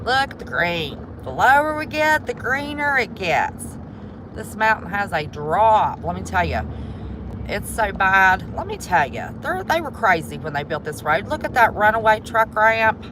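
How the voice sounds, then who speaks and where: A woman with a West Virginian accent talks slowly and chattily to her viewers. She holds a phone while driving, and the road noise in the car comes through clearly behind her voice. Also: medium pitch, very animated. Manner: chatty, folksy, addresses viewers as y'all. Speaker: vlogger. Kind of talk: casual livestream commentary. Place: inside a car driving mountain roads. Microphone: handheld phone while driving.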